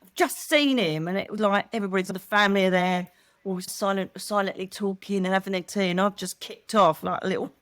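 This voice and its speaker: This mid-range, quick-paced female voice belongs to a middle-aged English psychic medium chatting casually in an interview. She tells animated stories, acting out the voices of the people she quotes, and there is no room sound.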